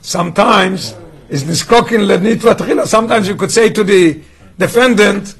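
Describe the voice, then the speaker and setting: A man's voice: sits high, normal speed, breathy edge. A man teaching a Torah study class, often asking the students questions and restarting his phrases.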